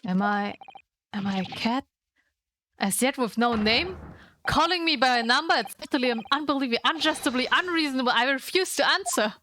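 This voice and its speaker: A woman's voice: medium pitch, unhurried, pauses often, fairly bright tone, a little hiss or hum, close to an everyday voice. A woman voicing an eccentric male novelist prisoner who stammers through dramatic, paranoid outbursts. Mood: indignant. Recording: game music underneath.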